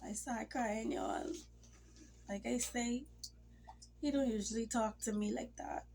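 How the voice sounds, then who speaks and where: A woman rambles emotionally to her camera, sometimes sinking to a near-whisper. Her voice sits a little high with a gravelly fry, and a faint hum runs underneath. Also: slow pace, darkish tone. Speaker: vlogger. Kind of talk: casual talk to camera. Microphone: phone or camera mic.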